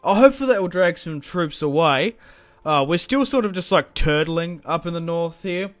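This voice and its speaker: A young man hosting a gaming channel, giving live strategy game commentary in an excitable, think-aloud way with many fillers. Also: fairly high pitch, moderate pace, no room sound, soft background music.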